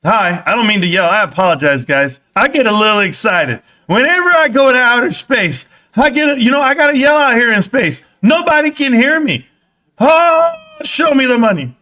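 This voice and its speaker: A young man hosting a live stream, talking excitedly, reading chat and yelling at times, sweaty and winded. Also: very high voice, brisk, few pauses. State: sweating in a helmet. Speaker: livestream host.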